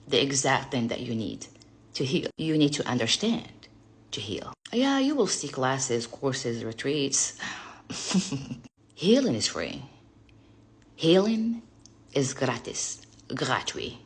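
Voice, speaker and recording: A woman vlogger talking casually to camera, sassy and profane, teasing her viewers, laughing often and swinging between hushed asides and loud emphatic bursts. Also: rumbling low, very animated, takes it slowly.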